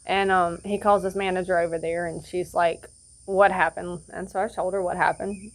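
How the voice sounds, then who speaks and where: A woman's voice: on the low side, little pitch movement, moderate pace. A woman sharing a personal testimony outdoors, rambling through her story with frequent fillers and restarts. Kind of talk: casual spoken testimony. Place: outdoor campsite.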